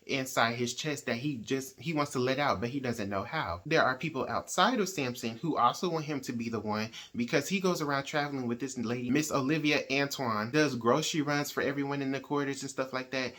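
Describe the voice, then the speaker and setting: A man hosting a reading channel, casually retelling a novel's plot in a chatty, animated way and acting out the characters' lines. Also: mid-range voice, brisk, hardly any pauses. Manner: animated storyteller who acts out quoted characters; conversational, with frequent "like" and "right?".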